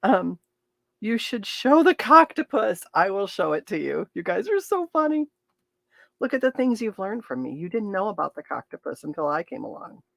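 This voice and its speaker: Woman, livestream host, casual chat, lively pitch, gravelly, dry close sound. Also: normal speed, dry recording. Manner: chatty, laughing, talks to viewers.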